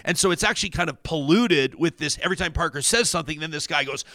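A man's voice: fairly high pitch, fast, no room sound, studio quality. A man hosting a podcast in casual chat, telling stories animatedly and acting out what others said. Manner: animated storyteller who acts out quotes. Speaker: podcast host.

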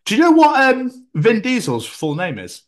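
A man's voice: extremely high pitch, huge pitch swings, normal speed. A man co-hosting a podcast in casual comedic chat, dry and jokey, swearing casually. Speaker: podcast co-host.

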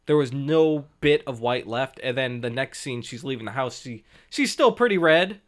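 A man's voice: mid-range voice, lively intonation, moderate pace. A man co-hosting a casual movie review podcast, talking in a laid-back way, picking at small details and swearing casually. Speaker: podcast co-host.

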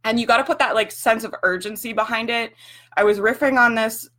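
A woman's voice: fairly high pitch, steady tone, fairly quick, sharp tone. A young woman hosting a casual livestream for business owners, talking frankly with lots of "like" fillers and the odd swear word.

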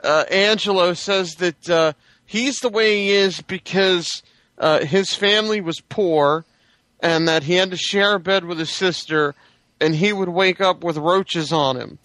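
A man's voice: sits high, a little slow, fairly bright tone, no echo. A man co-hosting a casual podcast, talking with many fillers and a wry tone. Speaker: podcast co-host. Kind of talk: casual chat.

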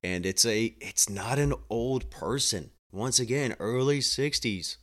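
A man working in home health care telling a work story in a blunt, animated way and acting out the dialogue. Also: mid-range voice, unhurried. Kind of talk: casual storytelling monologue.

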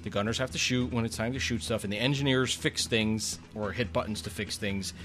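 A man's voice: lowish voice, brisk, a bit bright, soft background music. A man co-hosting a podcast, telling a trip story in a chatty, rambling way, often restarting his sentences. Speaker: podcast co-host.

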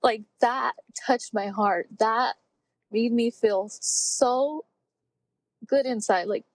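A woman in her forties speaking candidly as an interview guest, heartfelt and reflective, pausing often with fillers. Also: fairly high pitch, dry recording, poor audio. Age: 40s. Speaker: podcast guest.

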